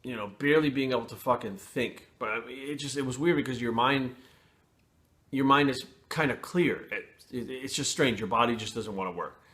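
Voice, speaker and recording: A man telling a personal story to camera in casual, blunt and profane talk, pausing and restarting as he goes. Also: medium pitch, fairly bright tone. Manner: blunt and profane, frequent swearing; candid, with pauses and restarts.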